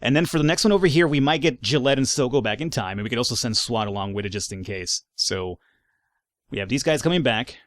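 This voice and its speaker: Sarcastic man with lively commentary. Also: mid-range voice, fast, no echo, clean studio sound. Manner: reads in-game reports aloud, wry and sarcastic asides, swears casually. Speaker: let's play gamer. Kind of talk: casual gameplay commentary.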